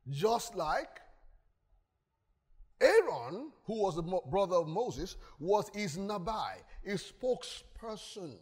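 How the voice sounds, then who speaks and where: High-voiced pastor preaching in a reverberant hall. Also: male voice, big pitch swings, slow, darkish tone, slightly rough. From Nigeria. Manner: emphatic, asks the congregation questions, acts out stories. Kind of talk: sermon. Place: church hall. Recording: long church hall reverb.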